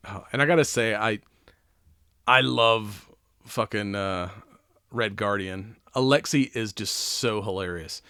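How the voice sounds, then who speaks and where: A man's voice: fairly low pitch, measured pace, sharp tone, clean tone, dry recording, clean studio sound. A man co-hosting a podcast, chatting casually in a rambling way, laughing often and swearing freely. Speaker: podcast co-host. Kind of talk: casual chat.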